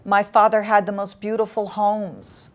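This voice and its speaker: In an interview, a female guest tells a painful personal story, speaking emotionally and haltingly with long pauses. Her voice sits in the mid-range and barely moves in pitch.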